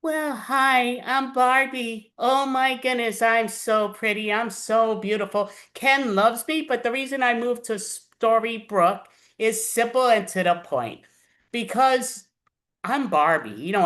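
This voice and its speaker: Barbie, a woman putting on a gushing vain doll. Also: a little slow. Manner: gushing, preening, high and bright. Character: vain bubbly young woman doll, self-adoring.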